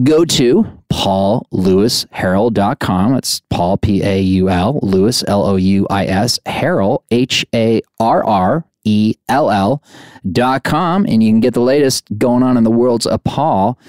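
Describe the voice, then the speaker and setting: A man's voice: a little mellow, no room sound, clean studio sound. Playful man hosting a podcast. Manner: playful and jokey, swinging pitch for comic effect. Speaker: podcast host. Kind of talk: casual podcast interview and outro. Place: studio at a music school.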